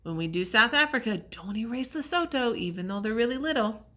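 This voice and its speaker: A woman's voice: a little high, lively intonation, brisk, heavy background noise. A woman teacher leading children through a memory lesson with chants and motions, upbeat and encouraging. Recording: echoey room, voice from far off.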